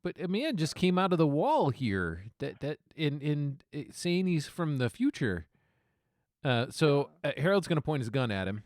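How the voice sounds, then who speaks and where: A man's voice: fairly high pitch, sing-song, normal speed, darkish tone, dry recording, clean studio sound. A man hosting and playing in a tabletop game, talking casually with hesitant restarts. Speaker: host and player.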